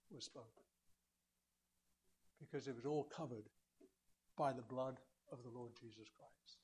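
A man delivers a sermon in a notably high voice. He speaks earnestly, climbing to emphatic peaks and sinking low again. He keeps turning to the congregation with rhetorical questions. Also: darkish tone, husky. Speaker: preacher.

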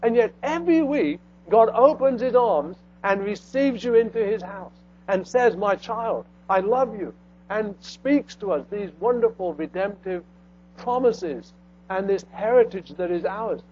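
A man preaching a sermon, swinging between loud emphatic lines and hushed low phrases. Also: lively intonation, measured pace. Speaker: pastor. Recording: dull lo-fi sound with faint mains hum.

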